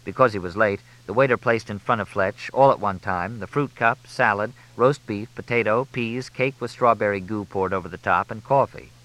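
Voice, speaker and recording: A man reading a comic mystery novel aloud in a crisp, expressive way. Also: on the low side, moderate pace, hardly any pauses, low-quality recording. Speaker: audiobook narrator. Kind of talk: audiobook narration of a comic mystery.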